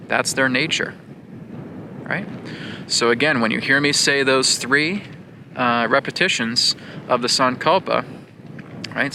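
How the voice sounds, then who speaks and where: Background noise runs under a medium-pitched man giving a sincere spiritual teaching talk. He restates his points and regularly checks in with his audience.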